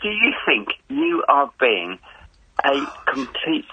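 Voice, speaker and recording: A man calling into a radio phone-in, speaking in a slow, measured and insistent way with halting pauses. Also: mid-range voice, sing-song, breathy edge, dry recording. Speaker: caller. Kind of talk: phone-in call. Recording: muffled dry phone line.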